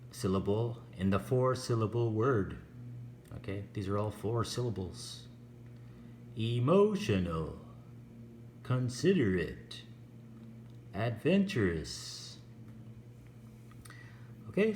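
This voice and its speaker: Slow, patient male English teacher. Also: medium pitch, a little hiss or hum. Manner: slow, patient explaining with drawn-out example words. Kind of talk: online English lesson.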